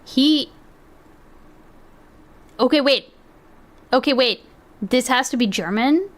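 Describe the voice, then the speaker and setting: A woman's voice: sits high, lively intonation, slow pace. Profane, blunt woman streamer. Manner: blunt and profane, talks over the video. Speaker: streamer reacting to videos. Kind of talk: casual reaction commentary.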